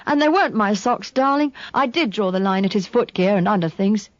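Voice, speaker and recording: A woman reading an audiobook, voicing a steady, protective young man who speaks gently and reassuringly. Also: medium pitch, fairly quick, no room sound, highs cut off, lightly acted. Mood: soothing.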